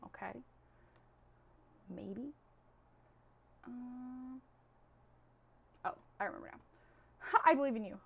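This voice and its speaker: Slow and husky with vocal fry, this young woman's high, squeaky voice drifts through a rambling live-stream chat. She leaves long pauses and shifts from loud to hushed.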